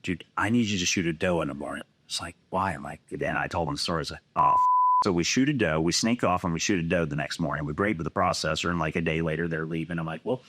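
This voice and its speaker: Guy with a low voice telling a crazy hunting story, swears constantly, noisy mic. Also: fast talker. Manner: animated, swears a lot, acts out other people's lines. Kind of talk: casual storytelling.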